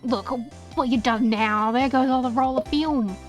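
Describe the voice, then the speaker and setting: A woman's voice: high voice, normal speed, faint music behind, close to an everyday voice. A woman voicing a brash, bossy country woman photographer in a put-on Southern drawl, folksy and scolding. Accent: put-on American Southern drawl.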